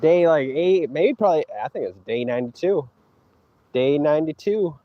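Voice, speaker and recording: A man streaming from an outdoor hike, trash-talking his chat in a boastful, mocking way with loud teasing outbursts. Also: fairly high pitch, expressive, moderate pace, dull audio. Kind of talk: casual trash talk to chat while hiking.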